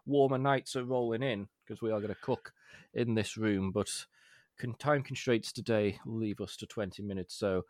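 A man's voice: on the low side, a little mellow, no echo, studio quality. A man co-hosting a podcast, chatting casually and rambling with jokes. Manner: rambling, quick, jokey. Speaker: podcast co-host. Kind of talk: casual chat.

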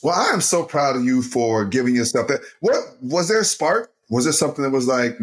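Animated laughing dad on a podcast. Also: male voice, medium pitch, brisk, hardly any pauses. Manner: animated storytelling, laughs often, addresses listeners as y'all. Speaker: podcast co-host, father. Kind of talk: casual family podcast chat.

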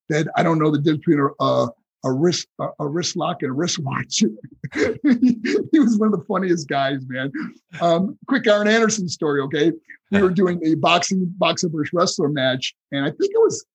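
A man from New York, a former pro wrestler, telling animated stories as a guest in a casual interview, with many fillers. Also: fairly high pitch, slightly rough, lo-fi sound.

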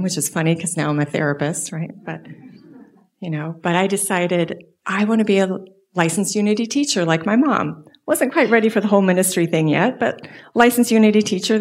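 A middle-aged woman giving a church message as guest speaker, telling a personal story with animated delivery that dips into soft whispers. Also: fairly low pitch.

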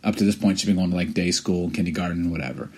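A man's voice: sits low, fast talker, darkish tone, slightly rough. A man in his forties co-hosting a podcast, telling stories in an earnest, reflective way. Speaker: podcast co-host. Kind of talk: casual chat.

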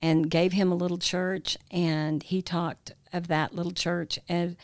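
Low gravelly older woman storyteller. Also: flat delivery, a little slow, no echo, clean studio sound. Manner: rambling, with many fillers and restarts. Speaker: mother of the hosts, guest storyteller. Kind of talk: storytelling in casual family chat.

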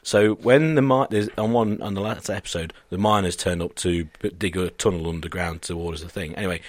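A man with a very low voice chats loosely as a podcast host. He rambles, swears casually and laughs often, and his voice sounds dry and close with little room around it. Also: steady tone, brisk, no echo. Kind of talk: casual chat.

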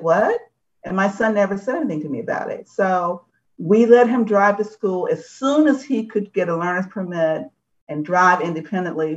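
Middle-aged woman, candid storyteller in a group talk, lively and animated, lo-fi sound. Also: lowish voice. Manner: candid, animated, acts out voices in her stories. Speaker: discussion participant. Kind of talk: personal storytelling in a group discussion.

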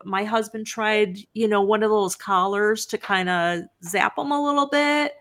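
A woman guest on an interview show, telling family anecdotes in a chatty, giggly way. Her voice sits at a middle pitch, and she laughs easily through her stories. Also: a little slow, fairly bright tone. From Wisconsin. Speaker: guest author. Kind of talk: casual interview chat.

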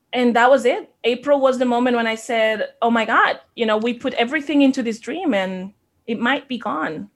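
A woman's voice: a little high, a bit bright. Earnest woman from the Dominican Republic. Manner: earnest, reflective, repeats words when starting. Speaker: child care center owner, guest. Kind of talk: conversational interview.

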